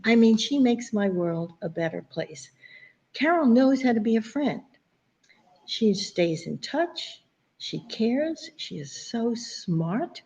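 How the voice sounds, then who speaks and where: A woman's voice: fairly high pitch, sing-song, slow pace, slightly rough, dull audio. A woman giving a heartfelt, emotional tribute to a friend, her voice catching as she speaks. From New York area. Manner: warm and emotional, voice catching near tears. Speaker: guest speaker, friend of the poet.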